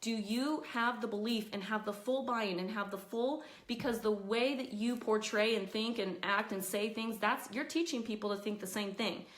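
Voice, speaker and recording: A woman talking live to her network marketing team, chatty and earnest, giving motivational highlights. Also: moderate pace, hardly any pauses, echoey room. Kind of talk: casual Facebook Live talk.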